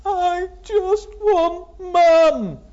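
A man's voice: extremely high pitch, extremely slow, mellow, voice pushed up, exaggerated voice. A man voicing a distressed little girl who is crying for her mother, in a dull lo-fi recording. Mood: sobbing.

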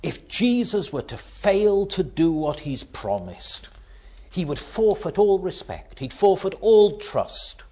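A man preaching a sermon, swinging from loud emphatic lines to hushed, near-whispered ones. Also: high voice, big pitch swings, slow pace, dull audio.

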